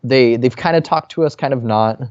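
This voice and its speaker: A man's voice: moderate pace, a little mellow, dry recording, lo-fi sound. A man co-hosting a podcast, telling a family story in casual chat and acting out the people in it. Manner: storytelling, acts out quoted people with raised pitch. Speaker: podcast co-host. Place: apartment in New York.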